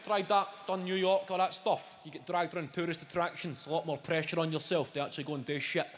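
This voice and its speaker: A man with a Scottish accent doing a sweary, animated stand-up routine full of mock voices. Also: a little high, quick pace. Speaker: stand-up comedian. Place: comedy venue with live audience. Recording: roomy live venue with loud audience noise.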